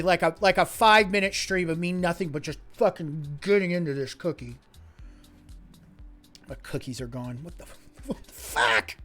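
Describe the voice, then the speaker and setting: A man hosting a live stream in casual chat, rambling and joking, swinging between quiet mutters and loud bursts, with faint music behind. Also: sits high. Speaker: streamer host.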